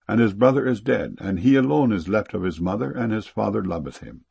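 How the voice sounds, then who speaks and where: A man's voice: fairly low pitch, expressive, brisk, vocal fry, a little mellow, husky, dull audio, exaggerated voice. A man reading the part of an earnest brother pleading for mercy in a solemn scripture reading.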